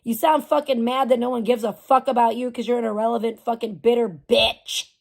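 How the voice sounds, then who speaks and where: A woman's voice: fairly high pitch, steady tone, fairly quick, creaky, slight background noise. A woman livestreamer chatting casually and ranting with lots of profanity while reading and answering chat messages. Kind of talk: casual live stream chat.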